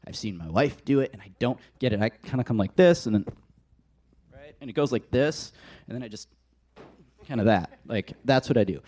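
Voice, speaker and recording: Male preacher, casual and animated, mid-pitched, relaxed conversational sermon. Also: fairly quick.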